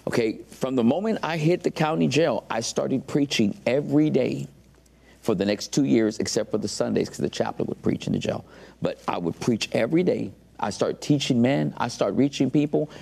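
A man's voice: mid-range voice, normal speed, gravelly, warm tone, husky. A man earnestly telling his faith testimony in an interview, emotional as he recounts it.

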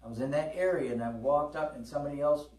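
A middle-aged man preaches to his congregation in a chatty, storytelling way and pauses for amens. His voice sits a little high for a man. He sounds roomy and some way off from the mic. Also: a little mellow, far from the mic. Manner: conversational, calls for amens, acts out dialogue. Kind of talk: sermon with storytelling. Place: church service.

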